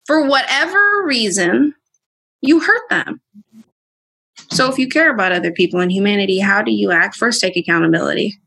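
Young female guest, straight shooter, husky bright tone, live-stream chat. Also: mid-range voice, moderate pace. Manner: blunt, straight-talking, animated. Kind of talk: candid conversation. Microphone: Instagram live stream.

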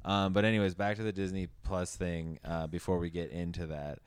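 A young man co-hosting a casual movie-review podcast, loud and profane, ranting freely between jokes. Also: low-pitched, level tone, fairly quick, smooth, no echo. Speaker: podcast co-host.

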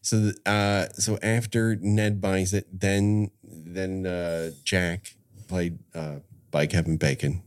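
A man's voice: low voice, flat delivery, slow pace, clear, resonant tone. A middle-aged man hosting a podcast, chatting casually and explaining things at length with frequent restarts. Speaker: podcast host. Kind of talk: casual chat.

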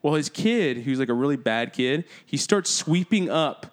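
A man's voice: on the high side, animated, moderate pace. Casual male podcast guest from Florida; rambling anecdote delivery with frequent fillers. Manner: rambling storyteller, many fillers.

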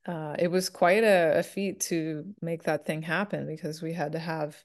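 A woman's voice: deep voice, steady tone, normal speed. A woman chatting casually as an interview guest, giggly and full of fillers. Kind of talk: casual chat.

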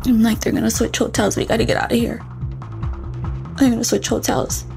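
Music plays in the background as an adult mother urgently recounts a tense story in an interview, acting out the voices within it. She sounds on the high side and gravelly, with fairly even intonation and a slightly fast pace.

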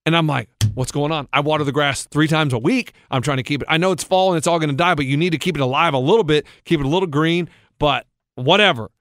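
A man hosting a podcast in casual chat, talkative and quick to laugh. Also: a little high, fairly bright tone, no echo, clean studio sound. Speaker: podcast host.

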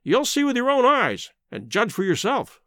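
A man putting on a spiteful old squire in a storybook reading, full of pompous indignation and bluster. The voice sits high and leaps about in pitch, caught on a dry close mic. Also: huge pitch swings, normal speed, sharp tone, dry recording, heavily acted. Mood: excited.

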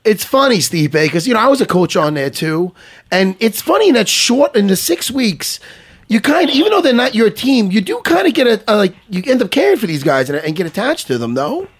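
A man co-hosting a casual chat, laughing and cutting in with excited remarks. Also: high-pitched, a little fast, slightly rough. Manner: laughing, excited interjections, swearing. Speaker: co-host.

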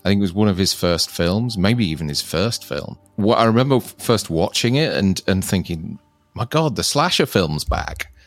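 A man's voice: low voice, animated, moderate pace, hardly any pauses, no room sound, faint music behind. A man co-hosting a casual chat about films, rambling and often circling back to finish his thought, with frequent chuckles. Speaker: co-host discussing films.

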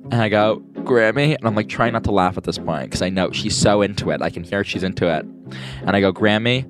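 Casting: young guy, low-ish voice, rambling anecdote teller, faint music. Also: quick pace. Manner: rambling, laughing storyteller. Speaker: guest grandson. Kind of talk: casual anecdote.

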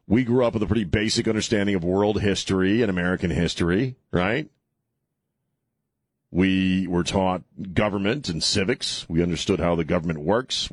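A man's voice: sits low, slightly rough, no room sound, clean studio sound. A middle-aged man hosting a call-in radio show, rambling and sarcastic as he restarts his sentences. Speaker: radio talk show host. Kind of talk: casual talk radio monologue. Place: radio studio.

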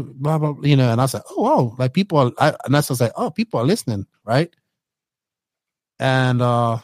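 A man's voice: on the high side, no room sound, clean studio sound. A man from Bermuda, casually rambling through his own story in an interview and often tagging his sentences with "right?". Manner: rambling, tags lines with "right?". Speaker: podcast host telling his story.

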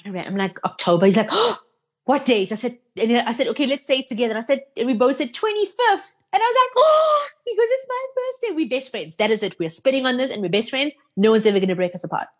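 A woman's voice: a little high, fast talker. A South African woman from Durban, a radio presenter, telling heartfelt stories in an interview and acting out the quotes. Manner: heartfelt, animated retelling with acted-out quotes. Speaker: radio presenter, podcast guest. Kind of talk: emotional interview storytelling.

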